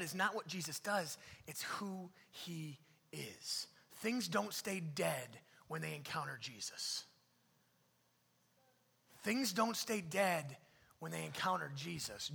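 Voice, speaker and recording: A male pastor preaching a sermon in an animated way, swinging from loud calls to hushed near-whispers. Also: sits high, creaky. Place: church sanctuary. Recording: long hall reverb.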